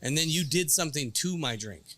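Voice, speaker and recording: A man in his thirties hosting a casual bar chat show, telling stories in a rambling, animated way. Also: on the high side, fairly quick, no room sound. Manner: rambling, animated storytelling with quoted voices. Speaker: podcast host and youth baseball coach.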